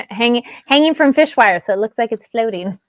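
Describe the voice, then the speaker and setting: A woman's voice: on the high side, fairly quick, no room sound. Woman, co-host, casual chat, reads comments aloud, dry close sound. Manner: chatty, reads viewer comments aloud, relaxed recommendations. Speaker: podcast co-host.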